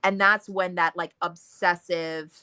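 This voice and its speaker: A woman co-hosting a casual book discussion, talking in an animated way, swearing freely and acting out scenes in quotes. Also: lowish voice, measured pace, clean tone, no room sound. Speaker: book club co-host.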